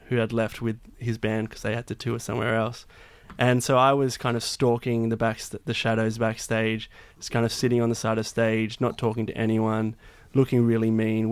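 A man's voice: fairly low pitch, smooth, dry recording. Rambling man telling a story. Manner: rambling, many restarts and fillers. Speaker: guest singer-songwriter. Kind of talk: casual anecdote telling.

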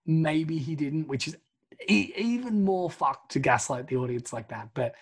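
A man's voice: mid-range voice, sing-song, normal speed, slightly rough. A man co-hosting a podcast, casually retelling a film plot in a chatty way full of fillers and the odd swear. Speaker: podcast co-host.

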